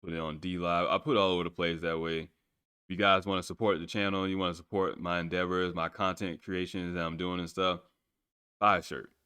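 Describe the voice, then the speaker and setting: A man's voice: low voice, level tone, a little fast, bright, forceful tone, smooth. A man hosting his own podcast alone, rambling casually and swearing freely as he plugs his channels. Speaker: podcast host. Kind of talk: casual solo podcast monologue.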